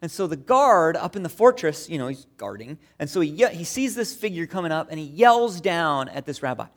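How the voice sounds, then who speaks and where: A man's voice: fairly high pitch, very animated, fairly quick. A man preaching a sermon as pastor, conversational and telling stories. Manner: conversational, storytelling with acted-out quotes.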